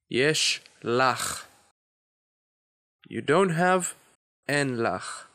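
A man giving a beginner language lesson, explaining grammar slowly and deliberately with example phrases. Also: medium pitch, a bit bright, no echo, clean studio sound. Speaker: Hebrew teacher.

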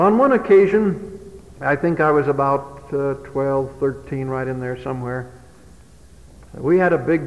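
A man giving a speech to youth, telling humorous stories in a folksy way. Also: a little high. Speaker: speaker. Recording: dull old hall recording with long reverb.

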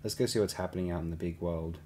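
A man reading as a gentle young mother. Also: low voice, steady tone, quick pace, slight background noise, natural voice. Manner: soft, soothing tone. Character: young mother princess, gentle with her baby.

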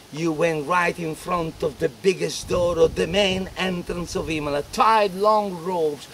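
An actor playing a medieval friar jester who mocks a warlike crowd with theatrical praise and sudden shouts. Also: male voice, sits high, a little hiss or hum. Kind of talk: one-man stage performance.

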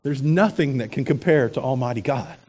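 A male pastor preaching a sermon in an animated way, asking the congregation rhetorical questions. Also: mid-range voice, fairly quick.

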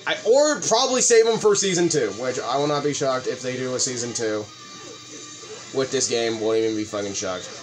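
A man hosting a let's play, commentating excitedly with frequent swearing and sudden outbursts. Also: medium pitch, moderate pace, music in the background. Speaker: gaming video host.

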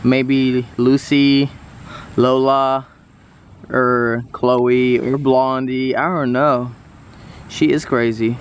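A man's voice: mid-range voice, flat delivery, very slow. A man chatting casually in a vlog, easygoing and repetitive, recorded on a handheld phone outdoors near traffic. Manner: easygoing and chatty, repeats himself. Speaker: vlogger showing his new puppy.

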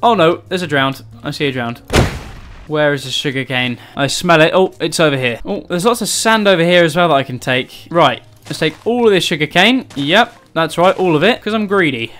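Jumpy high-voiced young gaming man. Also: lively intonation, fairly quick, fairly bright tone, soft background music. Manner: jumpy, exclaims often when startled; chatty, talks to viewers directly. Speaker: gaming YouTuber. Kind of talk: let's-play commentary.

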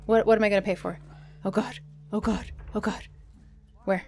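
A woman streamer commentating a first playthrough of a video game, excitable with many exclamations. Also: medium pitch, measured pace, pauses often, slight background noise. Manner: excitable, frequent exclamations and whispers. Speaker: gaming streamer. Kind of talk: let's play commentary.

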